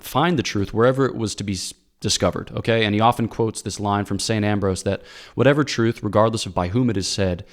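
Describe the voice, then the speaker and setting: A priest from Pennsylvania giving practical advice in a casual, earnest talk, often checking in with "okay?" and "all right?". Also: male voice, lowish voice. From Pennsylvania, USA.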